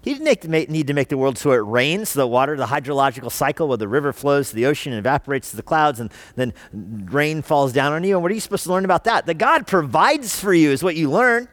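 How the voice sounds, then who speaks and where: Animated man preaching a sermon. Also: a little high, fast talker, few pauses, dry recording. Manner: animated, conversational preaching with rhetorical questions. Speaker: pastor. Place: church.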